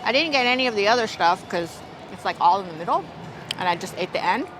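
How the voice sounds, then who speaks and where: A woman's voice: mid-range voice, lively intonation, fast talker, background noise. A woman food vlogger chatting casually as she tastes and reviews dishes outdoors, hedging and thinking aloud. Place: outdoors at a theme park, windy.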